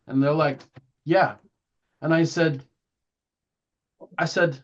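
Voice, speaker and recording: Lively middle-aged man telling a story. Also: on the high side, unhurried, pauses often. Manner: lively storytelling, acting out quoted dialogue in shifting voices, chuckling. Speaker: guest speaker. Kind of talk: anecdotal talk to a live audience. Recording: dull lo-fi recording.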